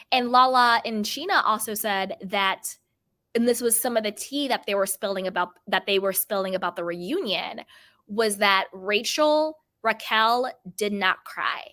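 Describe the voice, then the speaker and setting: Woman, young adult, gossip commentary host, chatty, emphatic, bright tone. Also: mid-range voice. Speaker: pop culture commentator. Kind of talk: casual reality TV gossip commentary.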